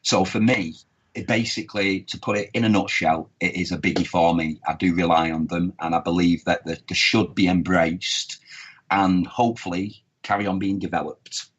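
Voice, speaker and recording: A man's voice: sits low, fairly even intonation, moderate pace, a bit bright, slightly rough. A man guest talking casually and rambling a little, his throat sore. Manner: rambling, self-correcting. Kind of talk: casual chat. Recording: dull lo-fi sound.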